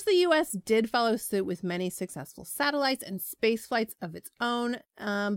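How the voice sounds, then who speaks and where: A woman's voice: medium pitch, no echo, clean studio sound. A woman hosting a history podcast, telling the story in a casual, chatty way with filler words. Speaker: podcast host.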